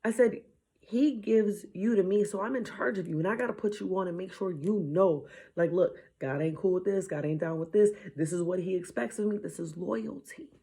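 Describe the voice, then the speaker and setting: A woman with a husky, slightly breathy voice tells a story about her children in a casual faith talk. She acts out what she said to them and slips into hushed whispers now and then. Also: lowish voice, moderate pace. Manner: animated retelling, dropping to a whisper at times. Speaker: mother sharing a faith message.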